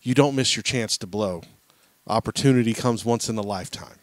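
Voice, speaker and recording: A man in his thirties co-hosts a podcast and tells a family story in casual chat, animatedly acting out the voices and quotes. His voice is lowish and a little fast, with no echo.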